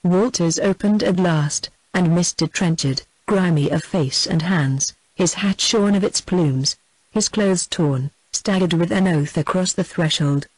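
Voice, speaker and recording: A man narrating a historical novel aloud, in a steady, measured reading voice. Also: sits high, dry recording, low-quality recording. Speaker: audiobook narrator. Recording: dry close studio sound.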